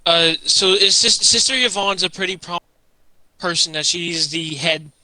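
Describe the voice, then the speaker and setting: A man's voice: high-pitched, measured pace, pushed and bright, low-quality recording. A man speaking as a player in a tabletop game, thinking aloud with hesitant restarts. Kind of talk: casual tabletop game talk.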